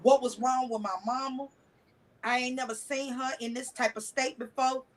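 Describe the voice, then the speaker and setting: A woman's voice: high voice, fairly even intonation, moderate pace, rough recording. A woman guest telling a personal story in a candid, blunt, colloquial way, with cussing and restarts.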